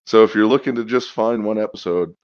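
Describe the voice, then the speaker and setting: A man's voice: lowish voice, brisk, a little mellow, clear, resonant tone, lo-fi sound. A man running a tabletop campaign, chatting casually on a podcast and teasing the players about plot secrets. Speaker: dungeon master.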